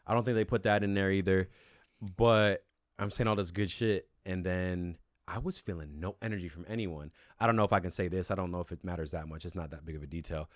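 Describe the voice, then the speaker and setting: A man's voice: low voice, fairly even intonation, quick pace, dry recording, studio quality. A man casually recapping a reality show on a podcast, laid-back and swearing freely as he tells stories.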